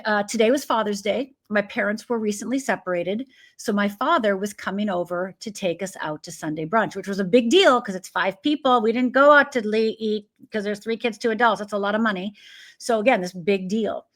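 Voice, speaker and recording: A woman from Upper Michigan, a guest life coach, telling her personal story in an interview and acting out the voices of people in it. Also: medium pitch. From Upper Michigan, USA. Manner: vivid storyteller who acts out quoted voices.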